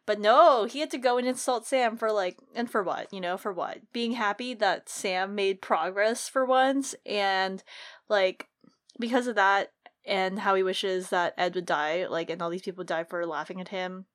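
A woman co-hosting a casual book podcast, giving animated, opinionated rants about the characters. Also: mid-range voice, moderate pace. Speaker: podcast co-host. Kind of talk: casual book-club chat.

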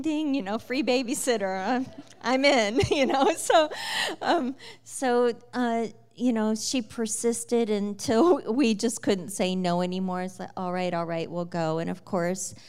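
Animated woman telling her testimony. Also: mid-range voice, clean tone. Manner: animated, laughs often, many fillers. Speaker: guest sharing her testimony. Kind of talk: personal testimony storytelling.

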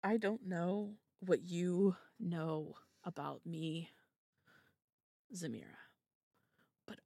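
A woman voicing an earnest young man who speaks softly and gently. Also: fairly low pitch, gravelly, husky, dry recording, heavily acted.

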